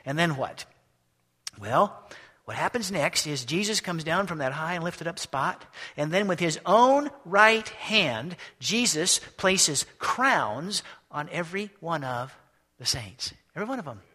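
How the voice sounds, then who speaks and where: A man preaching a storytelling sermon to a congregation, animated and acting out the scenes he describes. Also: a little high, measured pace, breathy edge. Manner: animated, acts out scenes in voices. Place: church or hall. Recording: echoey hall.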